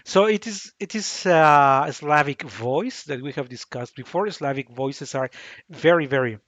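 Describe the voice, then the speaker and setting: Bright-voiced man hosting opera commentary. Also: a little high, unhurried, no room sound. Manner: passionate, explanatory, with frequent restarts. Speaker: opera vlog host. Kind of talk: casual commentary while watching a performance.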